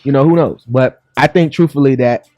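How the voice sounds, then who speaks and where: A man's voice: medium pitch, fairly quick, darkish tone, no room sound, muffled recording. A man hosting a sports talk show, joking and chatty, in a studio. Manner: upbeat, joking, laughs often. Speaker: sports radio host.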